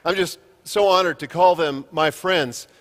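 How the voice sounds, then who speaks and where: A man in his fifties giving a keynote in a big hall, his slightly high voice trailing into a long echo. He tells stories with a light, self-mocking humor. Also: measured pace, a crowd in the background, background noise. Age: 50s. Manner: jokey storytelling with self-deprecating humor. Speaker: keynote speaker. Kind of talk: conference keynote. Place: conference hall.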